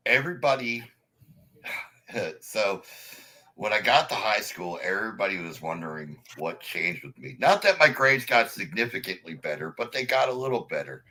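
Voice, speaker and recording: A man chatting as a podcast guest, telling lively stories and acting out other people in sudden high voices. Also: moderate pace, breathy edge, poor audio. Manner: animated storyteller, acts out quoted people in high voices. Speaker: podcast guest, wrestling announcer. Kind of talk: casual chat.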